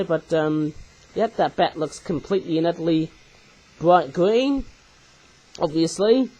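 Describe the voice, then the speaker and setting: A man's voice: on the high side, darkish tone, slightly rough, poor audio. A man reviewing toys in a casual, chatty way, ending his sentences with "eh?" and coughing as he gets over a flu. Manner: chatty, tags sentences with "eh?" and makes puns. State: coughing, getting over a flu and sore throat. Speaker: toy reviewer.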